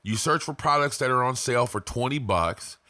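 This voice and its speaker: A man's voice: medium pitch, fairly quick, bright, forceful tone, no room sound, clean studio sound. A man hosting an online business lesson in a loose, profane, conversational way, laughing often and checking in with "right?" and "okay?". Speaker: online business course host. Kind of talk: casual screen-share tutorial. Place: home, abroad.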